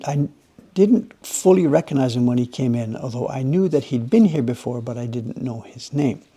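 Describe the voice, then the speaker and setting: A man hosting a livestream from his workshop, chatting with viewers in a rambling, animated way while he works on a carving. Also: medium pitch, breathy edge. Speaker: livestream host, woodblock carver. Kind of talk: casual chat while working.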